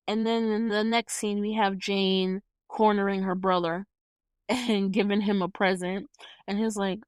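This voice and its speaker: A young woman hosts her own show and retells a film scene by scene, with an animated, laughing delivery and casual swearing. Her voice is smooth and clear, with a medium pitch. The recording is dry and close, with no room sound. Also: normal speed, dry recording. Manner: swears freely. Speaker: host reviewing a movie. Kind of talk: casual solo commentary.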